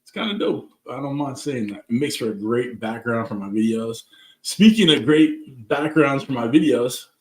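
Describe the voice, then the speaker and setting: Speaking at a medium pitch and moderate pace, a Southern California man hosts a relaxed live cooking stream from his backyard. He greets viewers by name as he chats loosely, and the audio sounds roomy.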